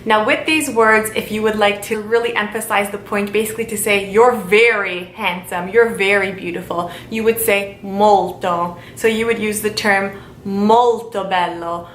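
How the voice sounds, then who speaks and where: A woman teaching a language lesson, speaking slowly and repeating each word for learners to follow. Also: mid-range voice, fairly even intonation, echoey room, a little hiss or hum. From Italian heritage. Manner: slow, repeats words for learners.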